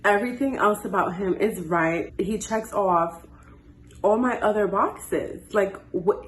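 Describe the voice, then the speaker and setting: A woman in her twenties telling a dating story in a casual, animated way and acting out the dialogue. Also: medium pitch, measured pace, a little hiss or hum. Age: 20s. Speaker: storytime host. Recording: echoey room.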